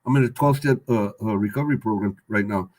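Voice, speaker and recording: A man's voice: lowish voice, quick pace, darkish tone. An older man, a guest on an interview show, telling his story candidly in streetwise slang, repeating himself and swearing freely. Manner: rambling, repeats words and phrases, swears freely.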